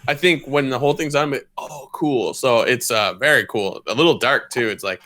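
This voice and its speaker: A man's voice: mid-range voice, moderate pace, bright, forceful tone. A man co-hosting a podcast in casual chat, talking loosely with lots of "like" and acted-out quotes. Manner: talkative, full of "like" fillers and acted-out quotes. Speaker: podcast co-host.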